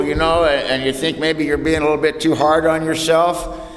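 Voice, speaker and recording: At an AA meeting, a California man with a voice on the high side speaks at normal speed, telling his recovery story the folksy way, throwing in "man" and "you know." Faint room noise hangs in the echoey hall.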